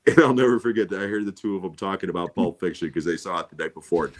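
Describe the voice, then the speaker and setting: A man's voice: low-pitched, rapid-fire, hardly any pauses. A man co-hosting a podcast in casual chat, joking and quoting lines from films. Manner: jokey, quotes film lines. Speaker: podcast co-host.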